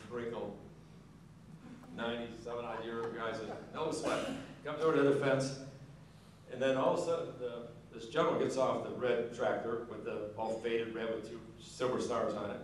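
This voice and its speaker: A man's voice: mid-range voice, level tone, moderate pace, slight background noise. Man, after-dinner storyteller, folksy, does the characters' voices; heard from far off in a big echoing hall. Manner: folksy joke-telling, acts out characters. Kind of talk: storytelling speech. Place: large banquet hall.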